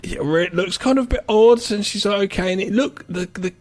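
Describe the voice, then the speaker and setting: A man's voice: high voice, a little fast. A man co-hosting a podcast, chatting casually and acting out movie scenes as he retells them. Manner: animated retelling, acts out scenes. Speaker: podcast co-host. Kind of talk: casual film chat.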